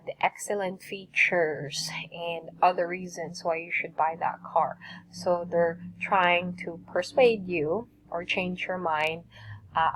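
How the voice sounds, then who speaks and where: Woman, teacher, low voice, patient, recorded lesson. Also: poor audio. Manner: patient, repeats words for students.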